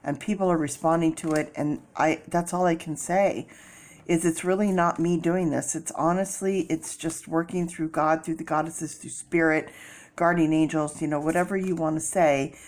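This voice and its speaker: A woman's voice: low-pitched, steady tone, normal speed, darkish tone. A woman doing a casual tarot reading, chatty and rambling, with many fillers and restarts as she explains her method. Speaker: tarot reader.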